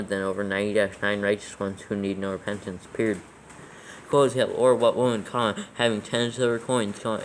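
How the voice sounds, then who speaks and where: A man's voice: fairly low pitch, slight background noise, poor audio. A man reading scripture aloud for proofreading, steadily naming every comma, capital and quote mark as he goes. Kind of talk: dictating text with punctuation read aloud.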